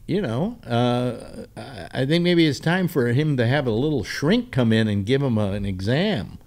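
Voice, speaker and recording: A man hosting a casual political talk show, rambling with many halting restarts. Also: mid-range voice, expressive, a little mellow.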